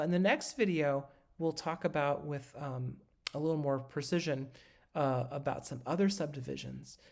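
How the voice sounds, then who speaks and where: Casual music teacher with a gravelly voice. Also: medium pitch, a little mellow. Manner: casual and patient, many ums and self-corrections. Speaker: music instructor. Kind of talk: recorded lecture, talking while drawing notation.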